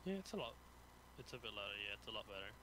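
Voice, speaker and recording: A man's voice: on the low side, big pitch swings, racing. A man with a nasal voice chatting casually and mocking himself, laughing easily. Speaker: streamer's friend. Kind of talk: casual chat. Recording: clear background noise.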